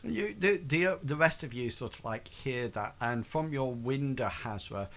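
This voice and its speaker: A man narrating a tabletop game as game master, halting and full of fillers. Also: mid-range voice, expressive, a bit bright.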